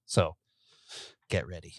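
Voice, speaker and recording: A man's voice: takes it slowly, no room sound, clean studio sound. A man co-hosting a podcast in casual chat, teasing the others and hamming it up at times. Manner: teasing, theatrical. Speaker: podcast co-host.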